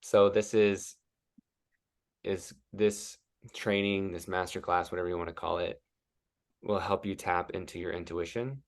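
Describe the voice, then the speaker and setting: A man as a guest coach in a casual interview, talking loosely and leaning on "like" as he thinks aloud. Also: low voice. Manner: rambling, heavy use of "like".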